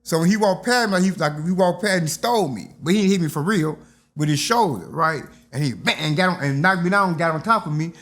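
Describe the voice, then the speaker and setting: A man's voice: on the high side, lively intonation, brisk, fairly bright tone. An older man, telling stories from his youth in a casual interview and acting out the voices. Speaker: interview guest.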